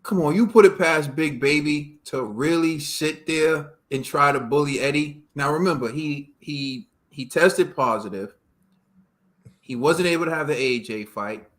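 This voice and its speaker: A man's voice: fairly high pitch, measured pace, a bit bright. A man from the United States hosting a boxing podcast, chatting casually and teasingly in slang. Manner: slangy, teasing, says yo and bro. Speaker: podcast host. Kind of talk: casual chat.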